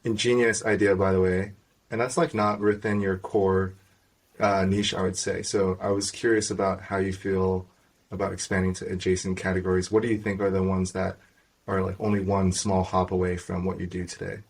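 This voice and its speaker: A man hosting a podcast, asking measured, well-formed interview questions. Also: low-pitched, flat delivery, vocal fry, distant mic. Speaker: podcast host.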